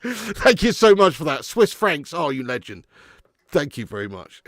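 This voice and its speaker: A man's voice: fairly high pitch, sing-song, unhurried, a bit bright, dry recording, clean studio sound. A man hosting a live football watch-along, joking and laughing as he thanks viewers for super chats.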